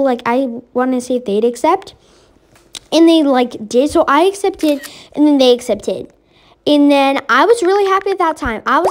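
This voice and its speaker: A high-voiced young woman talks through her game trades in a casual voiceover. She is excitable and chatty, full of fillers and "I was like" asides. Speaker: gaming vlogger. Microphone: voiceover mic.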